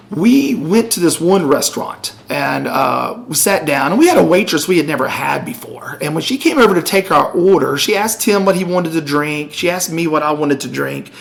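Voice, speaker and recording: A man's voice: fairly high pitch, creaky. A middle-aged man co-hosting a podcast, telling a story in casual chat and animatedly acting out the voices of the people in it. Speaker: podcast co-host.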